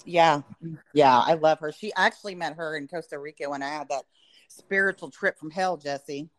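A woman co-hosts a casual podcast chat in a somewhat low voice. She rambles along, circling her thoughts and filling the gaps with "um" and "you know.". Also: moderate pace. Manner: rambling with many fillers. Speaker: podcast co-host.

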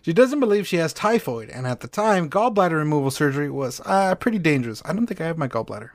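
A jokey, profane man co-hosting a comedy chat, his voice a touch higher than most men's. His pitch swings widely, and the recording is dry and close. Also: very animated, quick pace, no room sound. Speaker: podcast co-host.

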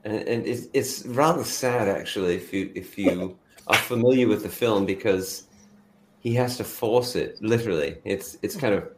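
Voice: medium pitch, normal speed, noisy background. A cosplay guest talking in a dry, drawling way in a casual group chat. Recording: roomy echo.

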